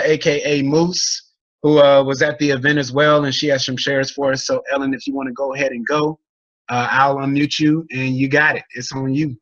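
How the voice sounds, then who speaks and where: A man's voice: fairly high pitch, fairly bright tone. A man hosting a team video call in a casual, playful and upbeat way. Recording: dull video-call audio.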